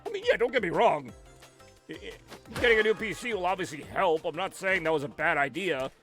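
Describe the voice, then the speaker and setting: A man live-streaming from his home setup on a headset, chatting casually and rambling in an animated way, with a tone that sounds angry even when he is not. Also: sits high, fairly quick, soft background music.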